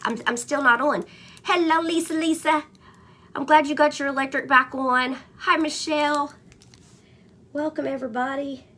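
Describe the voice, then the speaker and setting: Bright-voiced woman chatting live. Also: high-pitched, steady tone, normal speed. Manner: chatty, greets viewers by name between stories. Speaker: craft livestream host. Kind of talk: casual livestream chat. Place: home.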